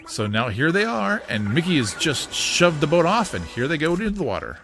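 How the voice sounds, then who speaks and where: A man hosting a podcast, giving excitable, giggly play-by-play commentary on a cartoon as he watches it. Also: on the high side, brisk. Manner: giggly, excitable narration of on-screen action. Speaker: podcast host.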